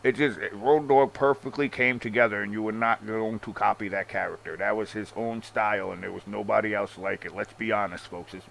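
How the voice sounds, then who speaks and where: A man's voice: lowish voice, steady tone, brisk, creaky, few pauses, fairly bright tone, a little hiss or hum. Profane, sarcastic man ranting. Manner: profane, sarcastic, calls listener bro. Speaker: wrestling commentary host. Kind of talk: casual rant.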